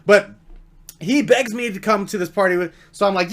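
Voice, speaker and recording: Young man, high voice, slangy rambling storytime vlog. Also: moderate pace. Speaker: vlogger.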